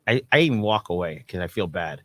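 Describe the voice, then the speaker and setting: A man in his sixties from Miami co-hosting a casual talk show, cutting in with teasing quick remarks. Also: low-pitched, animated, a bit bright, dry recording. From Miami, Florida. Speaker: co-host. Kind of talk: casual radio-style chat.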